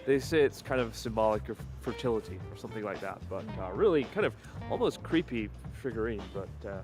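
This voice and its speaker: A man's voice: medium pitch, natural voice. A man doing a fake American accent as he chats to camera while travelling. He jokes around and laughs often. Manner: jokey, laughs often, swears. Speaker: travel vlogger. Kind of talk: casual chat on camera. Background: background music.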